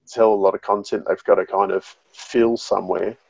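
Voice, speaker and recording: A man chatting as a podcast guest over a call, relaxed and hedging with fillers. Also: fairly low pitch, fast, vocal fry, dry recording, highs cut off. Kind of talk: casual chat. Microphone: video call.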